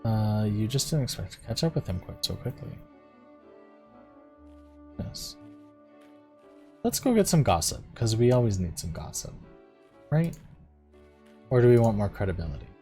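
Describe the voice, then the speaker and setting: A man's voice: on the low side, sing-song, moderate pace, long pauses, warm tone, faint music behind. A man streaming a visual novel, reading its text aloud and musing casually about his choices. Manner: casual, musing aloud between read passages. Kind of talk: let's-play game reading and commentary.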